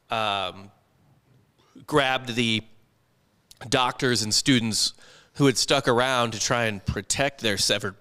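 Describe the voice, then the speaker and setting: A man's voice: fairly low pitch, pushed and bright, clear, resonant tone. A young man casually telling a history story on a comedy podcast, rambling and profane, sometimes slipping into put-on voices.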